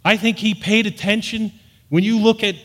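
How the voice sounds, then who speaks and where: A man's voice: sits high, fairly even intonation, moderate pace, fairly bright tone. A middle-aged man preaching a sermon with earnest, emphatic delivery. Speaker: pastor. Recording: long hall reverb.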